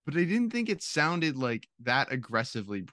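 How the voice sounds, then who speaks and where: A man's voice: medium pitch, very animated, moderate pace, sharp tone, dry recording. A young man chatting casually with friends on a podcast, rambling as he explains himself. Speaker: podcast co-host. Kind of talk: casual chat among friends.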